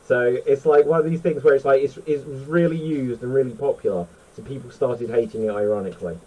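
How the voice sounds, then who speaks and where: A man hosting a casual panel chat, excitable and chatty. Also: medium pitch, quick pace, rough recording. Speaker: host.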